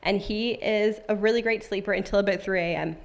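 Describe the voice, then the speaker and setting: A woman's voice: medium pitch, a little fast, vocal fry. Heartfelt woman giving a church testimony. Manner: conversational and heartfelt, with many fillers. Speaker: church member sharing a testimony and reading scripture. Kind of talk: personal testimony to a congregation. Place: church service.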